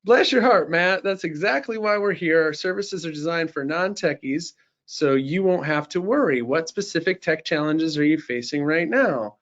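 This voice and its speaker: Guy putting on a sassy southern belle chatbot lady, sugary high voice, calls you darling, bit muffled. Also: normal speed, fairly bright tone, lightly acted. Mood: sugary sales pitch. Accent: put-on Southern US belle. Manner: sweet-talking, calls the user darling and sugar.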